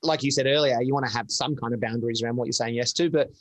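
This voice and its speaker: A man in his forties, a podcast guest telling rambling, animated stories with quick laughs, on a close, dry microphone. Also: mid-range voice, no echo. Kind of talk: casual storytelling chat.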